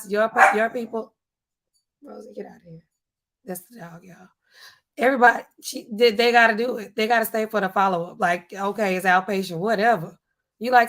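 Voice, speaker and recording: A woman hosting a casual live stream, chatting loosely and reading out viewer comments in animated, slangy speech. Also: medium pitch. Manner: chatty, animated, African American Vernacular English (AAVE) style phrasing.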